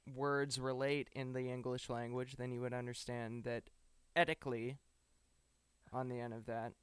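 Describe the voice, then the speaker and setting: A man's voice: medium pitch, level tone, moderate pace, smooth, dry recording. A man co-hosting a podcast in loose casual chat, swearing freely and acting out quoted dialogue. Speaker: podcast co-host.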